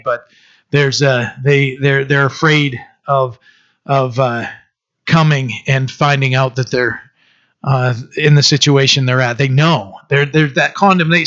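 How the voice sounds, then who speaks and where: Man, pastor, sermon, halting delivery, frequent fillers, dull lo-fi recording. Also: mid-range voice, fairly even intonation, fairly bright tone. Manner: halting, many fillers and restarts.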